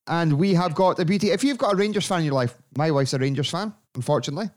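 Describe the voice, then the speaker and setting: Joking Scottish podcast host. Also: male voice, high-pitched, fast, few pauses. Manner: jokey, laughing between lines. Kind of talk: casual podcast banter.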